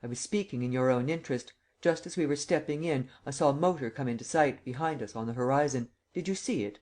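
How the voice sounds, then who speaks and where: Lupin, a cocky gentleman thief, read by a man. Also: mid-range voice, fast talker, natural voice. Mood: mocking. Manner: teasing, lively, rising to shouts. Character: gentleman thief, male adult, mocking and cocky.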